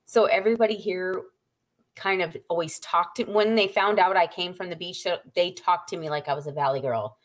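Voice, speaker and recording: A woman's voice: lowish voice, fairly quick. Woman telling stories on a podcast. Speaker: podcast co-host. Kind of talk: casual chat.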